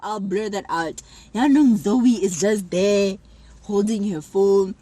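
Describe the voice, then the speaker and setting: Animated young woman storyteller. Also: medium pitch, slow, heavy background noise. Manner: animated, acts out quotes with sudden loud jumps. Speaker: vlogger. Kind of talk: casual storytelling.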